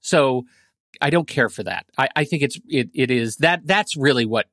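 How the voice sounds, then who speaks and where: A man's voice: mid-range voice, animated, moderate pace, a bit bright, dry recording, clean studio sound. A man co-hosting a movie podcast, giving strong opinions and repeating words for emphasis. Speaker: podcast co-host. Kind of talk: casual movie review chat.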